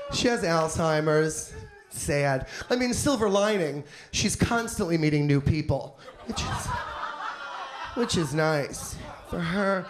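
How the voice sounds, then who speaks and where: A man doing a brash, profane stand-up set, campy and theatrical, slipping into put-on voices. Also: high-pitched. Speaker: stand-up comedian. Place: comedy club stage. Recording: echoey club with audience noise. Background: audience laughter.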